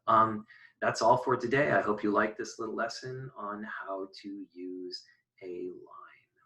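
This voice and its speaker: A man giving a recorded poetry lesson, thinking aloud in a casual, halting way with many fillers and restarts. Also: fairly low pitch, steady tone, sharp tone, distant mic, low-quality recording. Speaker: poetry teacher. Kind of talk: recorded online lecture.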